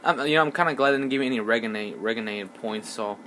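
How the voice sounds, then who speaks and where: A man talking his way through a video game in a loose, rambling let's play. He mocks himself and mutters repeated words under his breath. His voice sits at an ordinary middle pitch over a faint hiss of background noise. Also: fast talker, few pauses, fairly bright tone. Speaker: gamer.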